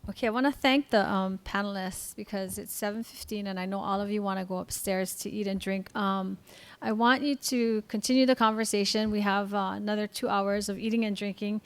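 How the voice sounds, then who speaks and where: A woman moderating a panel, closing with measured thanks and announcements. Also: medium pitch, fairly even intonation. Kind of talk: closing remarks at an event.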